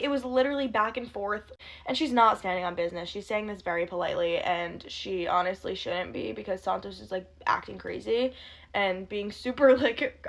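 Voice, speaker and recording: A young woman recapping drama in a casual, fast and sarcastic gossip style, swearing freely. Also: medium pitch, creaky, fairly bright tone. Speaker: commentary youtuber.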